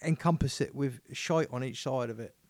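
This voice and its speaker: A man's voice: medium pitch, moderate pace, no echo. A man from England, co-hosting a podcast in playful, joking banter. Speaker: podcast co-host. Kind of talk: casual chat.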